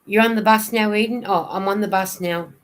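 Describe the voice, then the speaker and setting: A woman's voice: medium pitch, fairly even intonation, fairly quick. A woman hosting a casual livestream, chatting and answering viewer comments. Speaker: knitting vlogger hosting a livestream.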